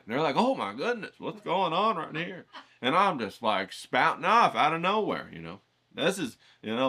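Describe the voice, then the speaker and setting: Bright-voiced man telling a lively story. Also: fairly low pitch. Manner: animated anecdotal telling, acts out quoted voices; coaching, rallying tone. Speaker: writing challenge host. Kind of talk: casual storytelling lesson.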